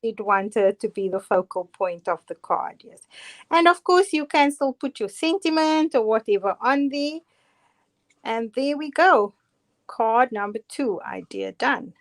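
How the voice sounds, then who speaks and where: Her voice sits on the high side, animated and unhurried. The speaker is a middle-aged Cape Town South African woman, a guest crafter giving a relaxed live card-making demonstration full of chatter, self-mockery and frequent laughter.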